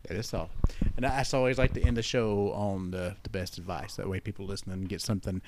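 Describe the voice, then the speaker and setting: A man's voice: low-pitched, steady tone, fast talker, a little mellow. Easygoing male podcast host. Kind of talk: casual interview chat.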